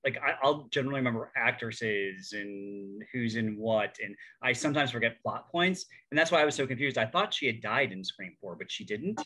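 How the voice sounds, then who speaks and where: Host, male, bright tone, eager and stammery in conversation. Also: mid-range voice, expressive, a little fast, few pauses. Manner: enthusiastic, stammering restarts. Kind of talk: casual chat.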